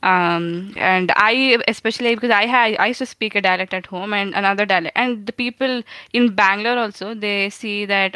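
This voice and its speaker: Bright, crisp-voiced woman podcast co-host. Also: medium pitch, a little fast, dry recording, poor audio. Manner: opinionated, animated, with frequent "like" and restarts. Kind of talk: casual interview conversation.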